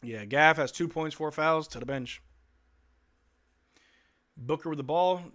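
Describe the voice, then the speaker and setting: A man hosts a live stream, calling a game play by play as a fed-up fan. His voice sits a little high and has a sharp, forceful edge. He talks bluntly and uses slang. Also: measured pace. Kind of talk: casual fan play-by-play commentary.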